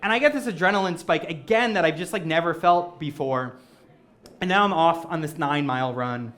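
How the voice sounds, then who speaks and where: A man performing stand-up storytelling on stage before a live audience, animated and self-mocking. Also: on the high side, a little fast. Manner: animated, self-mocking, acts out quoted voices. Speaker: comedic storyteller.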